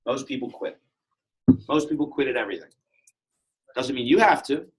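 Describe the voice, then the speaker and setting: A man giving a joking, animated motivational sales talk to a live audience, acting out little dialogues. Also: medium pitch, normal speed, rough recording. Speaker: motivational speaker.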